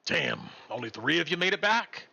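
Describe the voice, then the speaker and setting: A man's voice: fairly high pitch, big pitch swings, normal speed, creaky, pushed and bright, slightly rough, exaggerated voice. A man doing a sardonic, foul-mouthed rogue. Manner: drawling, sarcastic.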